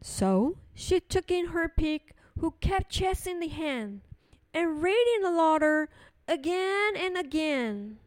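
Very high-voiced woman reading to children. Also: very animated, slow, no echo. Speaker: storyteller for children. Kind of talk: reading a children's picture book aloud, then a bilingual word lesson.

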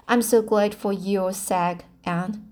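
Woman reading loyal young girl friend, modest, slow and a bit halting. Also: mid-range voice, steady tone, dark tone, natural voice. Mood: brisk.

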